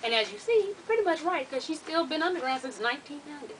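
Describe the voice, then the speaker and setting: A woman's voice: high-pitched, expressive, quick pace, a bit bright, far from the mic, slight background noise, rough recording. A woman chatting straight to camera, recapping a reality show in a blunt, profane, sassy way, calling her viewers "y'all" and "honey". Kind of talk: casual chat.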